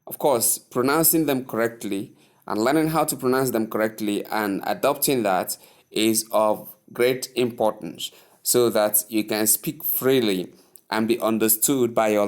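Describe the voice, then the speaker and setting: A man teaching English pronunciation, repeating each word slowly and asking the listener to say it after him. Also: lowish voice. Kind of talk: slow, deliberate spoken lesson.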